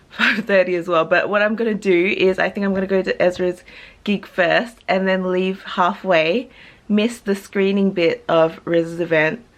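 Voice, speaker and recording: A woman's voice: mid-range voice, fairly even intonation, a little slow. A young woman, chatting casually to camera in a vlog, full of ums and likes and laughing often. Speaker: vlogger.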